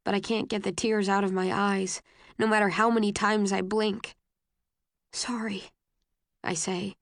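A woman reads a first-person novel aloud in a slow, soft, intimate manner. Her voice sits at a middle pitch. The recording is close and dry, with no room sound. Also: level tone, vocal fry, no echo. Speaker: narrator. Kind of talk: scripted novel narration.

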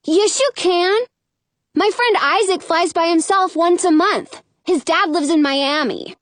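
A woman's voice: a little slow, no echo. A woman reading aloud voices a bold, teasing young boy who dares his older sister. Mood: coaxing. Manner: taunting, high and lively.

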